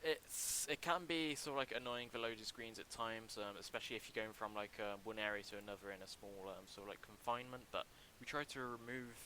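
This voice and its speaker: Building a game level on a livestream, a young man chats casually into a desk mic, halting often with ums and restarts. His voice is lowish and steady with a sharp tone, and the rough recording carries slight background noise.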